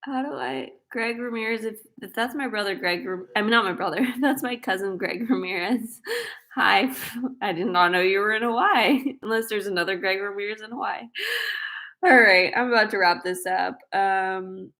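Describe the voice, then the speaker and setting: A woman's voice: mid-range voice, normal speed, bright, forceful tone. A pregnant woman hosting a casual livestream Q&A, chatty and giggly as she reads viewer questions aloud. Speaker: host.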